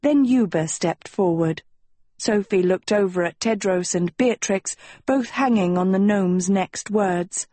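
A woman narrating a storybook in a measured, even way. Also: medium pitch, no room sound. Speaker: audiobook narrator. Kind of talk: scripted narration.

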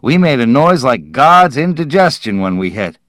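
Brash, loud spaceman, storybook audiobook, voiced by a male narrator. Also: medium pitch, animated, slow, dry recording, studio quality, pitched above the performer's own voice. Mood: boastful. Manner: loud, boisterous. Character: brash boastful male astronaut, loud, returning home.

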